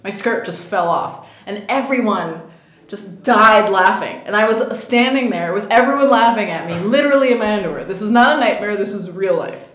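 A woman's voice: mid-range voice, animated, normal speed, fairly bright tone. Chatty woman in an echoey room. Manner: chatty, laughing, many fillers like "like". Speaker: actress guest. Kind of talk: casual interview storytelling.

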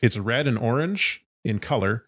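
A man's voice: mid-range voice, expressive, moderate pace, a bit bright. A man narrating as game master of a tabletop role-playing game, describing scenes in a loose, searching way with plenty of fillers.

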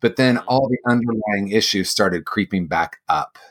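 Guest voice: earnest man in his sixties, slightly low pitch, reflective. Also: moderate pace, a bit bright. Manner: earnest, personal, with light laughs. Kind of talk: reflective interview answers.

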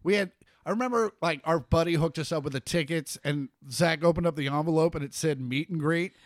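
Podcast guy rambling thru a story, kinda mocking, swears a lot, slightly high voice, dry close mic. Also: fairly quick, no room sound. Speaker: podcast co-host. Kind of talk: casual chat.

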